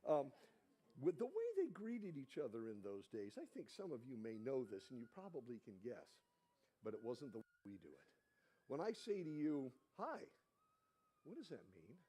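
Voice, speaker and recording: In a husky, dark, mid-range voice whose pitch swoops wildly, a man speaks at a moderate pace to an audience in a church dinner hall. His teaching resembles a sermon, delivered warmly as he encourages listeners to echo his words back.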